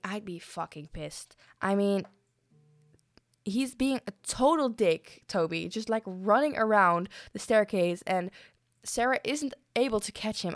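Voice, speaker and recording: A woman's voice: mid-range voice, no room sound, clean studio sound. A young woman casually reviewing a film on her solo podcast, rambling and chatty with lots of fillers and frequent apologies.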